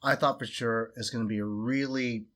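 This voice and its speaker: Chatty young co-host, bright voice, relaxed beer-talk delivery. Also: male voice, medium pitch, moderate pace. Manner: easygoing, chatty. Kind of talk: casual chat.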